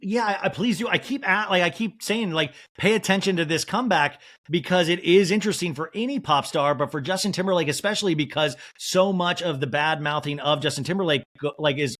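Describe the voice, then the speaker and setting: A man hosting a podcast in casual chat, animated, swearing freely and saying "like" a lot. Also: a little high, fairly quick, few pauses. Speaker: podcast host.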